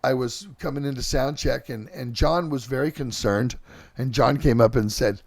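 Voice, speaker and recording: A middle-aged man hosting a podcast, telling band stories in a halting, casual way with lots of fillers and restarts. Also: medium pitch, no room sound, clean studio sound. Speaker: podcast host and band singer. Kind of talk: casual rambling storytelling.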